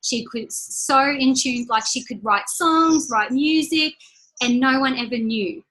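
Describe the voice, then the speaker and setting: Upbeat woman leading a team call; high, bright voice; chatty motivator who repeats key lines slowly. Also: rough recording. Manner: chatty and personal, laughs between points. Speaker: team leader giving a training call. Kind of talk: motivational talk on a group call.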